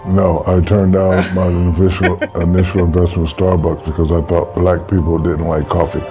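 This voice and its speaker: A man's voice: low-pitched, flat delivery, normal speed, lo-fi sound, over music. A man being interviewed as a celebrity guest, answering with playful, joking comebacks. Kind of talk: comedy interview.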